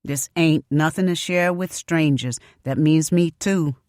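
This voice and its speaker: Woman doing a blunt no-nonsense psychic lady, folksy, sharp-tongued, low voice, dry close sound. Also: measured pace, no room sound. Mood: solemn.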